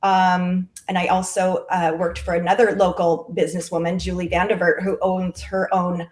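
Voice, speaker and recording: A woman's voice: fairly low pitch, flat delivery, moderate pace, darkish tone. A middle-aged woman, a direct-sales clothing stylist, chatting casually in an interview with lots of fillers. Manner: chatty and friendly, with frequent fillers. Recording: roomy echo.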